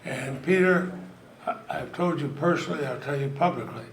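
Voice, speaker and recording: Older man telling stories in echoey hall. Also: a little high. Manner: rambling storyteller, self-deprecating humor, frequent pauses. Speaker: honored senator giving a speech. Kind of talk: anecdotal speech to a crowd. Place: event hall with audience. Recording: echoey hall, noisy crowd. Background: audience laughter and room noise.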